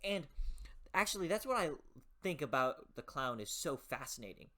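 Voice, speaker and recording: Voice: medium pitch, big pitch swings, moderate pace, sharp tone. A book reviewer talking in a casual, passionate way, swearing freely and often restarting sentences while thinking aloud.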